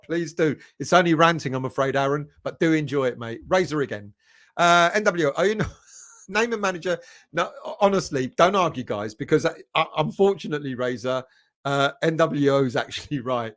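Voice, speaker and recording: Slightly high-voiced chatty male streamer. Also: fairly quick, fairly bright tone. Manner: chatty, chuckling, greeting viewers by name. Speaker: football fan channel host. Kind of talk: live-stream chat reading viewer comments.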